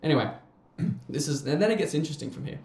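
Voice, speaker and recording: A man's voice: a little high, sing-song, fast talker, gravelly, a little mellow, reverberant. Rambling Australian guy telling stories. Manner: rambling, swearing, laughs often. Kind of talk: casual storytelling chat.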